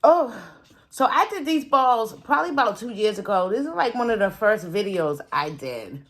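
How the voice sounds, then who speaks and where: Speaking at a moderate pace in a very animated, slightly high voice, a woman hosts a casual cooking and eating vlog from her home kitchen. She talks chattily to her audience and drops into muttered asides as she cooks.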